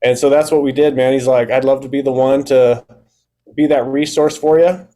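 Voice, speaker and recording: A man's voice: medium pitch, steady tone, normal speed, warm tone. A man in his thirties, a podcast guest and fitness coach, telling his story in a candid, casual way and acting out his own past thoughts.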